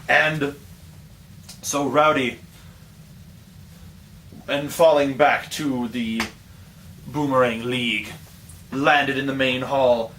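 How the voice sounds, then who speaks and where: A man's voice: mid-range voice, a bit bright. A man telling an improvised tall tale in a playful, rambling way, correcting himself as he goes. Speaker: storyteller. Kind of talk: improvised storytelling. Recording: distant mic with faint ambient noise.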